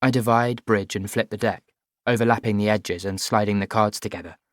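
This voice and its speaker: A man narrating a first-person audiobook in a measured, even storytelling voice. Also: fairly low pitch, dry recording, studio quality.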